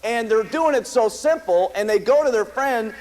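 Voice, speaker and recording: A man's voice: very high-pitched, lively intonation, moderate pace, darkish tone, low-quality recording. An American man giving an emphatic, repetitive motivational speech to a live audience at a company meeting, telling stories. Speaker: company founder speaking at a meeting.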